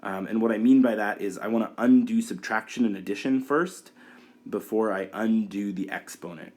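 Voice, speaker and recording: A man's voice: on the low side, moderate pace, a little mellow. A man walking through a whiteboard math tutorial, talking each step aloud with fillers and restarts. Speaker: math teacher.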